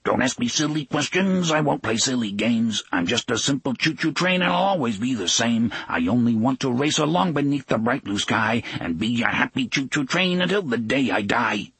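A man reading a storybook, voicing an old male steam locomotive that sings a stubborn little song in a small, gruff voice. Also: mid-range voice, animated, normal speed, hardly any pauses, a bit bright, dry recording, full character voice. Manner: sung-spoken ditty.

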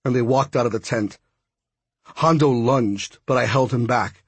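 A man narrating a first-person story as an audiobook, voicing each character with small shifts in pitch. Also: a little slow, breathy edge, dry recording.

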